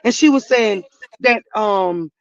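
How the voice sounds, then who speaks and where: A woman's voice: medium pitch, slow, gravelly, highs cut off, crowd noise. A middle-aged woman, a grieving mother, telling her story in an earnest, church-flavored way, sometimes rising to emphatic outbursts. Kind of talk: emotional personal testimony.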